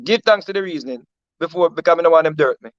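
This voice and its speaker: Fast-talking Jamaican man calling in. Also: fairly high pitch, lively intonation, no echo, highs cut off. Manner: fast, emphatic patois. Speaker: caller. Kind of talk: phone-in debate.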